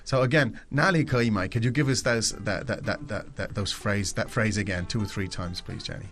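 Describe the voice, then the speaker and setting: A man's voice: on the low side, a little fast, fairly bright tone, soft background music. A man hosting a podcast language lesson, explaining step by step with many hesitations. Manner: explanatory, hesitant with fillers and restarts.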